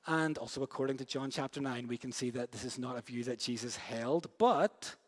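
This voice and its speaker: A man preaching a sermon in a casual, slangy way, swinging between loud, quick bursts and hushed, slow stretches. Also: medium pitch. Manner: lively storytelling, big swings from loud and fast to hushed and slow; casual, slangy delivery with many "like" and "yo" asides.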